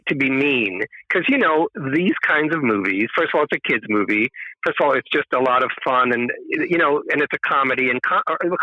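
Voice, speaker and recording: A man's voice: medium pitch, no echo. American man, dull lo-fi call audio. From United States. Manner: rambling, frequent "you know" fillers, chuckles while recalling. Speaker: guest film director. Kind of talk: casual interview, storytelling.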